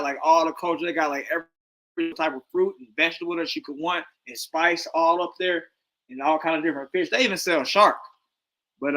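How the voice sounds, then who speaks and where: Dude ranting casually, kinda high and bright, lots of likes and uhs. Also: male voice, rough recording. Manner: rambling, informal slang, many fillers. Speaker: stream host reacting to a debate. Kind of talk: casual commentary.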